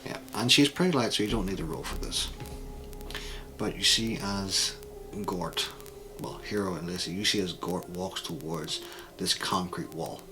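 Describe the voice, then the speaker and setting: A man running a tabletop role-playing game as game master, narrating scenes in a measured, descriptive way. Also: sits low, music in the background, rough recording.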